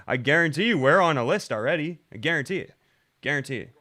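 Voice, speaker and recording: A man's voice: medium pitch, lively intonation, fast talker, sharp tone. A man hosting a casual podcast, who talks in a worried, incredulous way and swears often. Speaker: podcast host.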